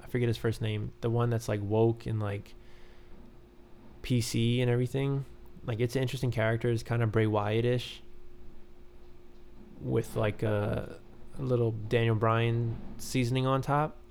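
A man's voice: mid-range voice, level tone, normal speed, long pauses, darkish tone, slight background noise. A man talking casually and rambling as a podcast host, full of fillers and loose asides. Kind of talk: casual wrestling commentary.

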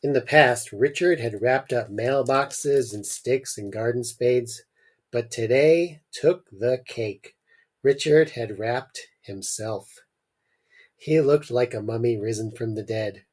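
Young male podcast host, reads aloud slowly with deadpan humor. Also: medium pitch, breathy edge. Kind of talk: casual chat and story reading. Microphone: remote call mic.

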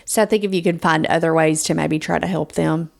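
A woman's voice: sits low, fairly even intonation, a little fast, vocal fry. A woman co-hosting a podcast in casual chat, reflective and searching for the right words as she explains her point. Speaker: podcast co-host.

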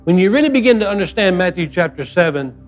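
A man's voice: high voice, sing-song, fast, faint music behind. An older man preaching a sermon as pastor, folksy and emphatic, with repeated phrases.

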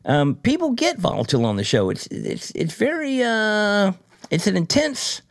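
A man who judges a tattoo competition, telling a story in casual chat, blunt and profane, with animated, mocking asides. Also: sits high, moderate pace, creaky, no room sound, studio quality.

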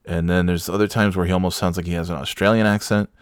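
A man's voice: deep voice, steady tone, fast talker, clear, resonant tone, no room sound, studio quality. A man chatting casually about a movie, rambling and profane, mocking himself as he goes.

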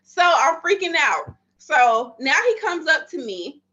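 Her voice sits high, sounding very animated and sharp, and she speaks at a measured pace. As a podcast guest, this Miami-area midwife in her thirties casually tells her story and acts out her former thoughts and conversations, captured in slightly dull lo-fi sound.

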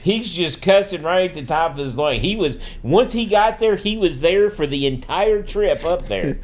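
A man's voice: sits high, lively intonation, moderate pace. A man telling a funny story in a casual podcast chat, laughing often. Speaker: podcast guest.

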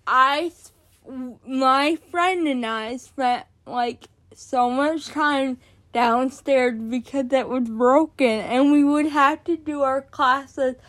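Woman, podcast host, high pitch, slow delivery, exasperated casual storytelling. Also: a bit bright. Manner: exasperated, swears casually, rhetorical asides.

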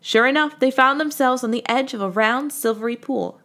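A woman reading a children's storybook aloud with an expressive delivery. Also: high-pitched, fairly quick. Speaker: reader.

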